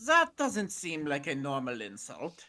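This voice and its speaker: A man puts on an eccentric older army doctor, amused and never bothered. The voice sits far above his own, slow and drawn out, with a sing-song lilt and a bright, sharp tone. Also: on the high side, wildly swooping pitch, faint music behind, voice pushed up, exaggerated voice. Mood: puzzled.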